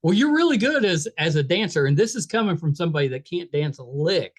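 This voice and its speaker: Male podcast host, West Virginia accent, friendly, animated pitch. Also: quick pace. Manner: friendly, self-deprecating, repeats words. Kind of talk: casual interview chat.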